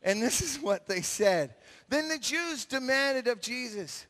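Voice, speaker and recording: Lively male retreat speaker, high bright voice, acts out scenes, big hall reverb. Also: measured pace. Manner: lively storyteller acting out scenes with shouts. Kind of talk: animated sermon.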